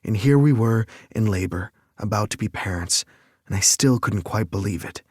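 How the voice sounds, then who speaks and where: A man narrating a romance audiobook in first person, measured and even. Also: lowish voice, husky, no room sound, studio quality.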